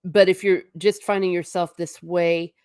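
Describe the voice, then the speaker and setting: A woman's voice: lowish voice, flat delivery, moderate pace, darkish tone, smooth, dry recording. Chatty woman with a dry close sound. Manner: rambling, chatty, reacts to chat with laughs. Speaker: livestream host reading chat. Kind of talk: casual livestream chat.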